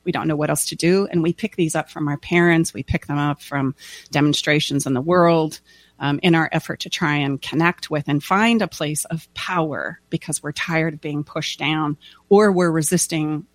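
Casting: woman coach, earnest and heartfelt, bursts into lively quoted voices, dry close sound. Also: low-pitched, normal speed, no echo. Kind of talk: casual podcast conversation.

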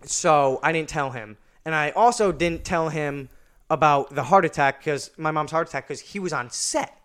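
A man's voice: on the high side, normal speed, fairly bright tone, clean tone. A young man telling a story in casual chat, rambling with many fillers and restarts. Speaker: podcast guest.

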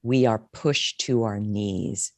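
Middle-aged woman guest, therapist type, heartfelt and expressive storyteller, dry close mic. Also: rumbling low, takes it slowly, dry recording. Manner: emotional, expressive, restarts often. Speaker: therapist and coach, author. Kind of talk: candid interview storytelling.

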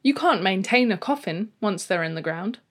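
A woman co-hosting a casual podcast, reacting with wry, quick comebacks. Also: mid-range voice, animated. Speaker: podcast co-host. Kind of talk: casual chat.

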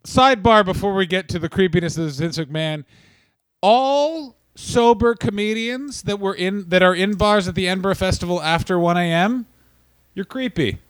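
A man co-hosting a comedy podcast, rambling and swearing as he jokes, dropping suddenly quiet and then getting loud again. His voice sits somewhat high for a man. It is recorded close and dry. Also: moderate pace, clean tone, dry recording. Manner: rambling, profane, swings between loud and quiet. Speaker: podcast co-host. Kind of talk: casual comedic chat.

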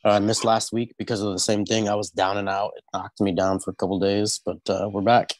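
A man tattoo artist joins a podcast over a video call, sounding stuffed up from a cold. He talks in a relaxed, rambling way, padding his sentences with fillers, and his voice sits fairly low. The sound is dry and close. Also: fairly quick, no echo. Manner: laid-back, heavy on fillers like "stuff like that". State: congested, under the weather. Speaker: tattoo artist, regular guest. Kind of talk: casual podcast chat.

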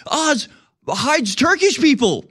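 A man putting on the voice of an adult male online activist who begs for retweets in shrill, breathless hype. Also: sing-song, slow, sharp tone, exaggerated voice. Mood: hyped.

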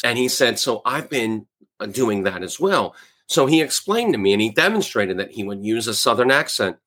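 A man's voice: medium pitch, a bit bright. Sales trainer man, chatty and direct. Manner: conversational, keeps asking "right?". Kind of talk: talking-head sales advice.

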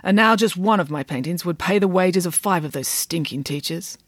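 A woman's voice: lowish voice, normal speed, no room sound, studio quality, natural voice. A woman voicing a grumpy, vain male art teacher who talks in a brusque, dismissive way, read in a storybook. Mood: gruff.

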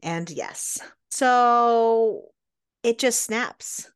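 A woman co-hosting a podcast, summarizing the story in a measured, casual way and drawing out her words. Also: on the high side, clean tone. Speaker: podcast co-host. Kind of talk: casual book discussion.

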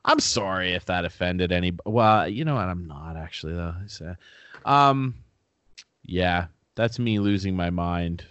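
A man's voice: deep voice, unhurried, a bit bright, smooth, dry recording, highs cut off. A young man co-hosting a casual podcast, rambling, swearing freely and poking fun at himself. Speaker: podcast co-host.

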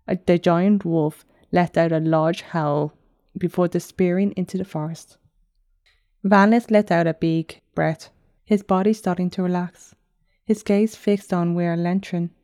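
A woman narrates her own fantasy novel in a steady, unhurried audiobook reading. Her voice is low and mellow, recorded close and dry with no room sound. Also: no room sound.

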